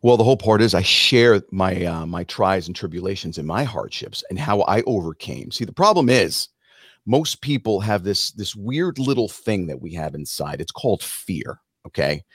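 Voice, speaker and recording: A middle-aged man, a musician guest on a podcast, giving an animated motivational talk and acting out quotes in other voices. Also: deep voice, moderate pace, slightly rough, no room sound, studio quality.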